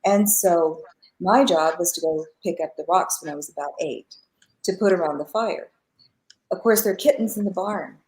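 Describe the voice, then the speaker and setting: A woman's voice: on the low side, normal speed, low-quality recording. A middle-aged woman, a spiritual teacher and guest, telling personal stories in a live interview, acting out the dialogue and laughing often. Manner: animated storyteller who acts out quoted dialogue and laughs often.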